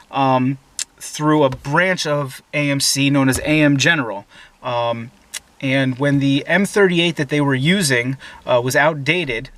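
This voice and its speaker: A man's voice: a little high, fairly bright tone. A young man hosting a casual car Q&A from inside a parked SUV, opinionated and joking, with many fillers. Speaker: host. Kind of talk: casual automotive Q&A.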